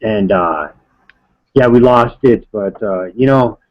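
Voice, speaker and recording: Halting man on a lo-fi line. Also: on the low side. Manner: hesitant, halting speech. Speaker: father and stream host. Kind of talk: casual chat. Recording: dull lo-fi sound.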